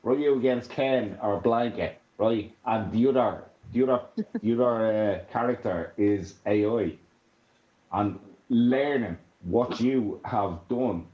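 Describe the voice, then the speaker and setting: A man's voice: on the low side, takes it slowly, lo-fi sound. A man with a Dublin accent in casual chat. He swears freely and stammers through restarts. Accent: Dublin Irish. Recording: roomy echo.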